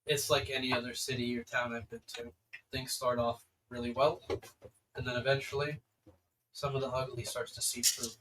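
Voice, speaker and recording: A man voicing a jaded male warlord who talks in a low-key, brooding way. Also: flat delivery, normal speed, far from the mic, background noise, lightly acted.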